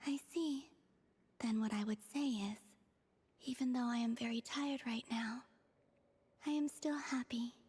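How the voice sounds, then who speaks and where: A woman voicing a weary but content young woman in a game, speaking in a soft, breathy whisper as whispered role-play. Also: fairly high pitch, fairly even intonation, a little slow, long pauses. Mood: tired, gentle.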